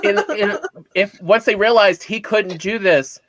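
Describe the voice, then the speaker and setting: A guest in a casual group chat who explains ideas thoughtfully. The voice sits mid-pitched. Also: unhurried, fairly bright tone, no room sound.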